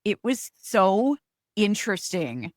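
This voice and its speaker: A woman co-hosting a casual TV recap podcast, excitable and laughing often. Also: mid-range voice, takes it slowly, no echo, studio quality. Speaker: podcast co-host.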